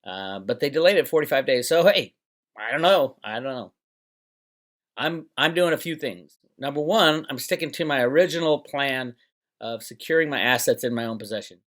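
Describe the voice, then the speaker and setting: A man's voice: medium pitch, animated, moderate pace, fairly bright tone. A middle-aged man hosting his own channel, talking in a rambling, sarcastic monologue and mocking others in put-on voices. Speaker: channel host. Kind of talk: casual monologue to camera. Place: home, Northern California.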